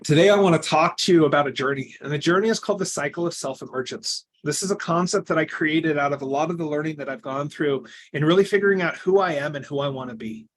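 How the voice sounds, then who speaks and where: Speaking at a quick pace with hardly any pauses, a young adult man with a fairly high voice tells his own story in a coaching talk. He is earnest, moving between loud emphasis and quiet asides.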